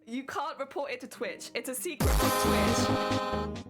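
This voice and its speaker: A woman's voice: high-pitched, wildly swooping pitch, a little slow, gravelly. A young British woman chatting casually on a live crafting stream, giggly and sleepy, thanking viewers by name. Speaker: cosplay streamer. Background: guitar music playing.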